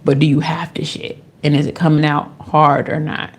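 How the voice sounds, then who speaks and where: Woman tarot reader, AAVE, low and gravelly, sassy and profane, casual delivery. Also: little pitch movement, normal speed. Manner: sassy, swears freely, jumps into high playful voices.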